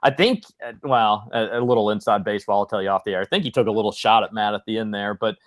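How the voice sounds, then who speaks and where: A man's voice: on the low side, fairly even intonation, quick pace. A man co-hosting a sports radio show, ranting in an exasperated way.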